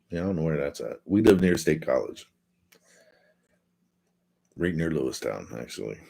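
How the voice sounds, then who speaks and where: A man's voice: very deep voice, big pitch swings, moderate pace, gravelly, pauses often, mellow, slightly rough. A man hosting a casual livestream from home, reading viewer comments aloud and chatting in a laid-back, rambling way. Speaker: livestream host. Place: at home, indoors.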